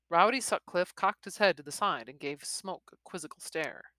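A woman reviewing a western novel, chatting excitedly and reading chapters aloud. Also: fairly low pitch, moderate pace, dry recording. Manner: chatty and excitable, with restarts and exclamations. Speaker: book reviewer.

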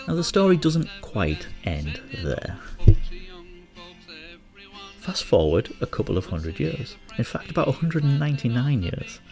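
A man's voice: medium pitch, darkish tone. Jokey Hartlepool man telling stories. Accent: Hartlepool English. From Hartlepool, England. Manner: jokey, chatty storyteller who laughs at his own jokes. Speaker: host. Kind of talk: casual monologue and storytelling.

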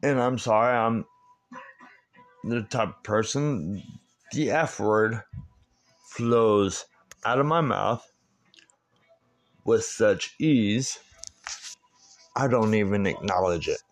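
Man, podcast host, rambling, cursing freely, lowish voice, unhurried. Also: faint music behind. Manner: profane, rambling storyteller. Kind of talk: casual monologue.

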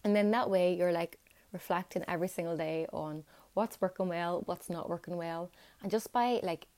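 Low, mellow-voiced woman giving heartfelt encouragement. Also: moderate pace. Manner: earnest and encouraging, with many "like" fillers. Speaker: vlogger. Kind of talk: reflective motivational talk to camera.

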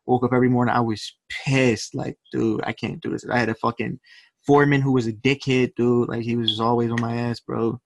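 A man's voice: mid-range voice, little pitch movement, brisk, no room sound. A young man, a rapper guest, telling stories in a laid-back, profane, slangy way during a casual interview.

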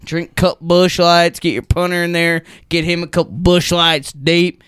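A man's voice: on the high side, level tone, moderate pace, fairly bright tone, smooth, dry recording, studio quality, lightly acted. A man playing a drunk, crude football coach who rambles and swears heavily at a mock press conference. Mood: rambling. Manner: rambling, stumbling, heavy swearing. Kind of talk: improvised comedy sketch.

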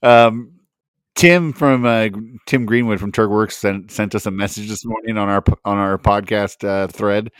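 A man co-hosting a podcast in casual chat, animated and quick to laugh, swearing freely. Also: fairly low pitch, smooth, dry recording, studio quality. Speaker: podcast co-host.

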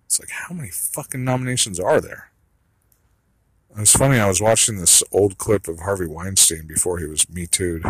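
A man's voice: low-pitched, normal speed, breathy edge, dry recording, rough recording. A man delivering a rambling solo monologue, blunt and profane, trailing off into asides.

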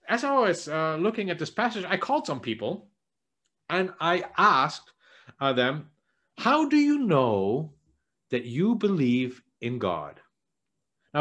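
A man, a church elder, preaching a sermon in an earnest way, often repeating words as he searches for phrasing and dropping low and soft for quoted lines.

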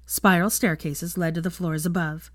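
A woman reading fan fiction aloud as a steady storybook narration. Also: on the low side, moderate pace, dry recording, studio quality.

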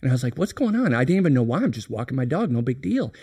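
A middle-aged man speaks on a candid business podcast, his pitch sitting squarely in the middle range. He tells his story in an earnest, reflective way, often doubling back and restarting his sentences. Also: very animated, very fast, dark tone, slightly rough. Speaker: company president, podcast guest.

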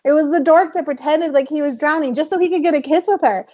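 A woman on a podcast panel over a call, lively and emphatic as she argues her picks. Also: high-pitched, quick pace. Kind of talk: casual podcast chat. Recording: dull lo-fi call audio.

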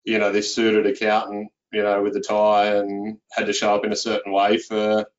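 A low-voiced man talking through his work in a steady, fairly monotone way, his speech loose and full of "you know". The recording is a bit dull and lo-fi. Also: normal speed. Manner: relaxed, many "you know" fillers. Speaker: accountant, guest. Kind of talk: conversational interview.

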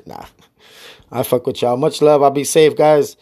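A man's voice: medium pitch, sing-song, normal speed, mellow, breathy edge. A man hosting his own podcast alone, talking in a laid-back, rambling way full of slang and swearing. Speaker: podcast host. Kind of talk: casual solo podcast chat.

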